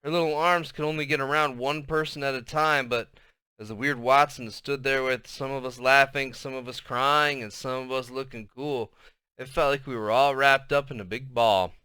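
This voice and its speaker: A man reading a novel aloud as storybook narration, in a lively, expressive way. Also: mid-range voice, normal speed, clean tone, no echo, clean studio sound. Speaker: audiobook reader.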